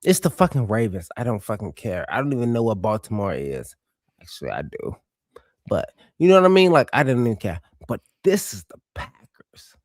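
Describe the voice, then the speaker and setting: A man co-hosting a sports podcast, telling stories in a profane, animated way. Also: on the low side, brisk, no room sound, studio quality. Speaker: podcast co-host. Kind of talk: casual sports chat.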